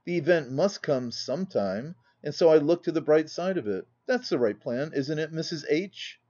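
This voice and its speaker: A man voicing a brash, boisterous young country gentleman who talks in a loud, blustering way, read as part of a storybook. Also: a little high, expressive, normal speed, muffled recording. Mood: boastful.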